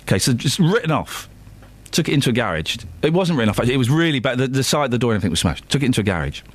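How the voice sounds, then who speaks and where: A man's voice: medium pitch, racing. A man hosting a radio show, chatting casually and telling stories with exclamations. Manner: animated storyteller, exclamations.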